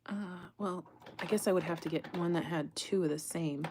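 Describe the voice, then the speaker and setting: Female livestream crafter, lower pitch, casual rambling chat, faint background noise. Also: moderate pace, darkish tone. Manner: chatty, rambling, exasperated asides to viewers. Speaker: jewelry-making livestream host.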